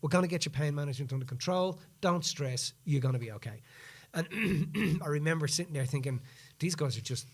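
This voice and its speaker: A man with a voice a touch higher than usual tells a story in relaxed podcast chat. He slips into the voices of the people he quotes, keeping the telling lively and animated. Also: brisk. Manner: animated, acts out quoted speech in the retelling. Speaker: podcast host.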